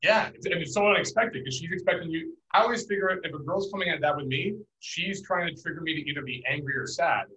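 A man hosts a casual podcast chat, telling relaxed stories full of fillers. His voice is bright and a little sharp, and he talks at a quick clip. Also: on the high side, muffled recording.

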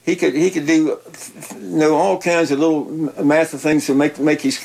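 An older man, a retired football coach telling stories in a halting, folksy way, often repeating words. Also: on the high side, steady tone, gravelly, a little mellow, poor audio. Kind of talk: casual interview chat.

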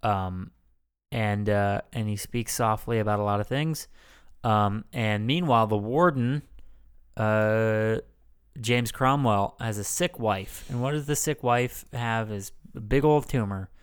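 A man's voice: fairly low pitch, measured pace, clear, resonant tone. A man co-hosting a podcast, recapping a movie in a rambling, crude way, full of fillers and restarts. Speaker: podcast co-host. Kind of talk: casual chat.

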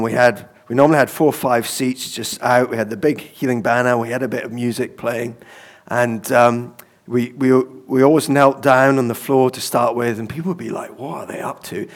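A man preaching in a conversational way, telling personal stories with fillers and chuckles. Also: mid-range voice.

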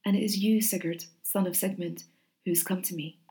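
A woman voicing a proud, stern young Valkyrie, speaking in a solemn, ceremonial way with a slightly lowered, softer voice. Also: fairly even intonation, brisk, close to an everyday voice. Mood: tender.

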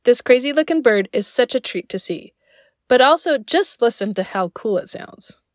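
A woman's voice: a little high, animated, moderate pace, no echo, studio quality. A woman hosting a podcast, reading scripted narration in a friendly, enthusiastic way with chatty personal asides. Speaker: podcast host.

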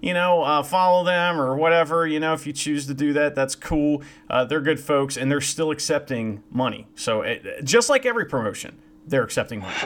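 A man's voice: a little high, a little fast, hardly any pauses, a bit bright. A man co-hosting a podcast in casual chat, chatty and laughing, cursing now and then. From Ohio, USA. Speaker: podcast co-host.

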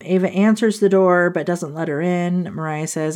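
A woman hosting a book podcast, recapping a plot in a casual, animated way and laughing often. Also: lowish voice, moderate pace, few pauses.

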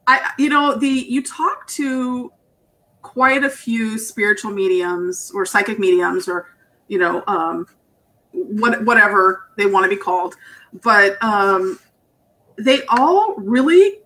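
A woman co-hosting a podcast, chatting casually and asking long, rambling questions over a video call. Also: a little high. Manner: warm, laughing, rambling questions. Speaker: podcast co-host. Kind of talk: casual chat.

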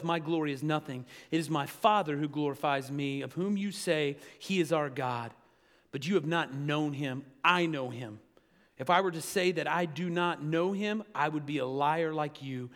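A male pastor preaching a sermon to his congregation, building to loud, emphatic passages. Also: fairly high pitch, moderate pace, long reverb tail.

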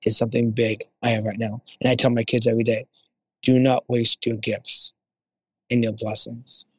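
A middle-aged man speaks earnestly and warmly about his family. He often slips into animated voices to quote other people. The sound is dry, with no room around him. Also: mid-range voice, normal speed, slightly rough, dry recording. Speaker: guest. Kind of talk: casual conversation.

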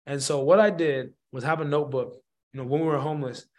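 A man, a musician guest, telling a story in a slangy, rambling and animated way. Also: fairly high pitch, fast. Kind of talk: casual storytelling.

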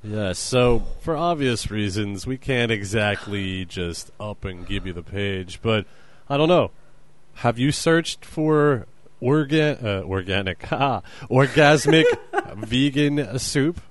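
Slow-talking joking man chatting. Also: mid-range voice, expressive. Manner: joking, laughs often, slips into silly voices. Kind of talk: casual comedic chat.

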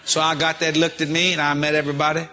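A man preacher telling a story from the pulpit, animated and breaking into loud shouts of praise. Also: on the high side, fast, heavy background noise. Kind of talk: storytelling sermon.

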